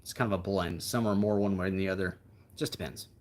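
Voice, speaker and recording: Livestream host: a man with a lowish voice, relaxed and rambling, reflective. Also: quick pace. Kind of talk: casual livestream chat.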